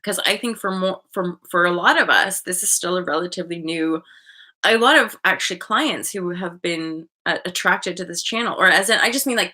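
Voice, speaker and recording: A woman with a bright, forceful voice talks through spiritual ideas in an unscripted monologue. She rambles and circles back, leaning on "like" and dropping the odd curse word. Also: fairly low pitch. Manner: rambling, loose, sprinkled with "like" and swearing. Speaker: spiritual coach and channel host.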